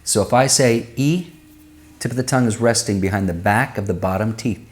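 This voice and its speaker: A man working as a vocal coach, answering viewers' singing questions and demonstrating vowels and pitches with his own voice. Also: brisk. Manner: explanatory, uses everyday comparisons.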